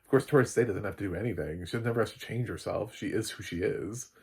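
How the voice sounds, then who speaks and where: A man giving a casual, rambling film recap, full of fillers and quick laughs. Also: lowish voice, darkish tone, breathy edge. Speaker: film reviewer.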